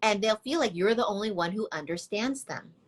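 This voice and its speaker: A woman's voice: medium pitch, lively intonation, fairly quick. Reassuring woman guest on a live chat. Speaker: guest, pigment brand founder. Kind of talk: casual live interview.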